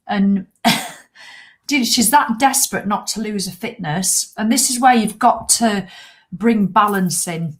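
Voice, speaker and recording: Woman, middle-aged, fitness vlogger; chatty, blunt, animated telling, mid pitch. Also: a little slow. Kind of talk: casual chat to viewers.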